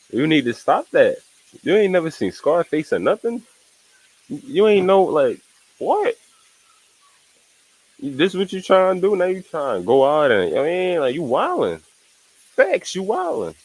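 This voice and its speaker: A man's voice: fairly high pitch, big pitch swings, moderate pace, poor audio. A young man streaming casual reaction commentary, rambling in slang, repeating "you know what I'm saying" and laughing at asides.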